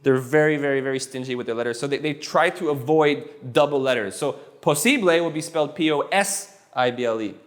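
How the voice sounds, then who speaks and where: A man teaching a live class of students, relaxed and encouraging, who often repeats himself and restarts his sentences. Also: medium pitch, a little fast, hardly any pauses. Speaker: Spanish teacher.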